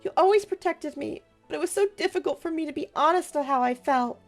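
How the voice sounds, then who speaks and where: A woman reading out a video game's dialogue for an earnest, guilt-ridden young man in her own high voice. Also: a little fast, soft background music, lightly acted. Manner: reading game dialogue aloud.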